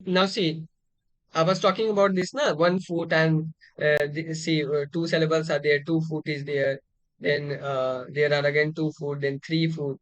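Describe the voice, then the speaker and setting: A man's voice: a little high, steady tone, moderate pace, dry recording, highs cut off. A man teaching a literature lecture, explaining terms step by step with frequent fillers and restarts. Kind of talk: exam-prep lecture.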